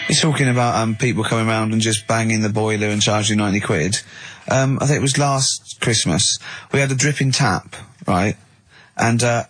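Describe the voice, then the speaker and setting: Male radio co-host, husky and dry-sounding, rambling storyteller acting out every exchange. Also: lowish voice, a bit bright, no room sound. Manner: rambling anecdotes, acting out both sides of the conversation. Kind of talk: comic radio banter. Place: radio studio.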